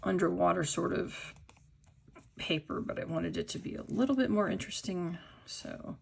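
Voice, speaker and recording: A woman's voice: on the low side, moderate pace, vocal fry, a little hiss or hum. A middle-aged woman with the hiccups, casually narrating her papercraft work, thinking aloud and often dropping to a whisper. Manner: chatty, thinking aloud while working; drops to soft whispers as she works. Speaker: papercraft video maker.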